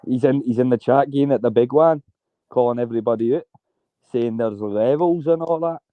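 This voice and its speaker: A man's voice: medium pitch, moderate pace, no echo. A man calling in to a live fight stream, teasing and mocking in casual banter and swearing often. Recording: tinny phone line, dry.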